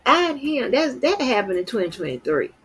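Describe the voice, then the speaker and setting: Middle-aged woman from Florida, husky and low-set, exasperated profane streamer whose pitch jumps wildly between muttering and outbursts. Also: big pitch swings, normal speed, a bit bright, low-quality recording. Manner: exasperated, swears constantly, swings from low mutter to high outbursts. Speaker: streamer commenting on news. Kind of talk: casual profane commentary.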